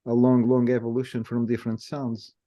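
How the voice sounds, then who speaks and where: A man's voice: mid-range voice, completely flat delivery, a little fast, dull audio. A man whose first language is Portuguese, speaking English with a Portuguese accent and patiently demonstrating how words sound. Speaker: language guest explaining pronunciation. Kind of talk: explanatory conversation.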